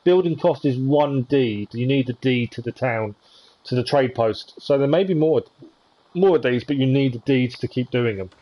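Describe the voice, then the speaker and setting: A man's voice: mid-range voice, normal speed, dull audio. A man giving casual commentary on a live gameplay stream, thinking aloud as he plays. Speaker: game streamer.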